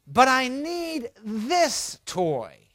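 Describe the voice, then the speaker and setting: A man's voice: very high voice, wildly swooping pitch, drawn-out words, a bit bright, no room sound, clean studio sound, pitched above the performer's own voice, full character voice. A man voicing a whiny four-year-old girl who wails and screams in a tantrum. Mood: whining. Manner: whining, wailing, screaming.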